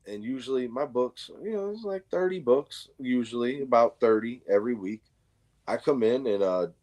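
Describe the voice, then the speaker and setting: A man hosting a casual chat, telling a story in an animated way, acting out the quotes and swearing freely. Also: mid-range voice. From New York. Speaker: channel host.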